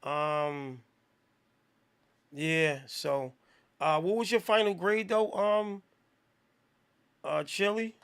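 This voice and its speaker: A man hosting a live music review stream, talking in a slangy, profane, rambling way and giving shout-outs to viewers. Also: on the high side, steady tone, drawn-out words, long pauses, smooth. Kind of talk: casual live-stream commentary.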